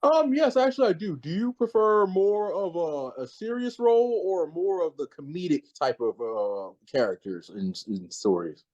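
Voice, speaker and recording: Reserved male panelist, hesitant questions, slightly high voice, video call. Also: lively intonation, moderate pace, few pauses, a little mellow, lo-fi sound. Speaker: panel member. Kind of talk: casual interview chat.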